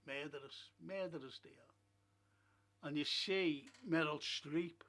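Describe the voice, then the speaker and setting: A man's voice: a little high, slow pace, a bit bright. A man hosting a film and TV review stream, telling stories and giving blunt opinions in casual chat. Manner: chatty storyteller, blunt opinions. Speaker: host of a film and TV review show. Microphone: streaming setup.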